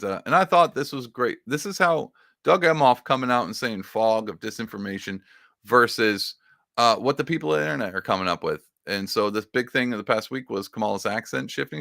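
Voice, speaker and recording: A man's voice: medium pitch, creaky, no echo, studio quality. A man hosting a political commentary show who talks emphatically and gets fired up. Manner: excitable, emphatic, restarts and fires up. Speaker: podcast host.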